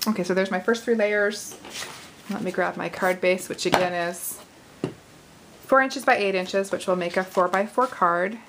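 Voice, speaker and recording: A woman in her forties hosting a casual card-making tutorial, chatty and quick to laugh as she talks through her work. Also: medium pitch, noisy background. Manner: chatty, laughs easily, thinks aloud while working. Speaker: craft video host.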